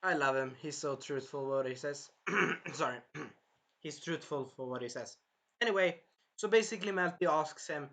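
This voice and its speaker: A man's voice: fairly high pitch, moderate pace, a bit bright. A man reviewing an anime episode in a casual, rambling recap full of fillers, sounding a bit tired. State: tired, clearing his throat.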